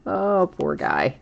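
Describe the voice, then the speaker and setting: A woman's voice: fairly low pitch, creaky, lo-fi sound. A woman hosting a live-stream card break, chatting and laughing as she reveals each card and often trips over player names.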